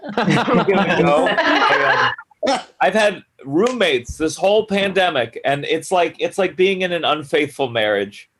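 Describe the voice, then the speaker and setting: A man's voice: on the high side, lively intonation, a little slow. A man doing a stand-up set over a video call, chuckling at his own jokes. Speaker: stand-up comedian. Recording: loud background noise on a video call.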